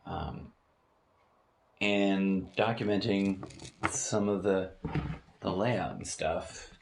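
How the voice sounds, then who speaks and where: Recording solo from a room at home used as a studio, a man hosts a podcast in a low, creaky voice with drawn-out words. He thinks aloud in a meandering, hesitant ramble full of fillers and restarts, in an echoey room with noisy background.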